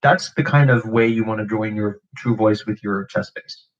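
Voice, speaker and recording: A man hosting a livestream vocal tutorial, explaining techniques with lots of fillers and pauses. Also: fairly low pitch. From United States. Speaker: beatbox channel host. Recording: dull lo-fi stream audio.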